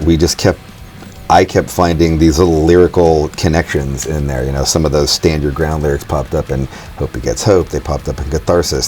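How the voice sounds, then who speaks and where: Very deep-voiced American man chatting. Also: darkish tone. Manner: loose, rambling, swears casually. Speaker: musician. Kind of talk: casual interview talk. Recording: faint music underneath.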